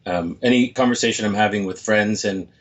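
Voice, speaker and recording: A man's voice: on the low side, fairly quick. Forties guy, speaker type, chatty and reflective, audio a bit muffled. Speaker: motivational speaker. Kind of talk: casual interview chat.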